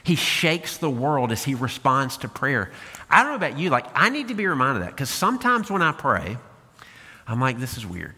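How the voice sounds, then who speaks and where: A man's voice: medium pitch, very animated, normal speed, pushed and bright, slightly rough. A man preaching a sermon as a pastor, talking to the congregation in a conversational way with rhetorical questions. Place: church sanctuary. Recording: long hall reverb.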